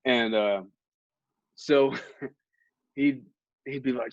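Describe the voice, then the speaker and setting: A man's voice: medium pitch, drawn-out words, no echo. Young man telling a rambling funny story. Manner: rambling, humorous and self-mocking. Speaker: podcast host. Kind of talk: casual anecdotal storytelling. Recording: dull lo-fi recording.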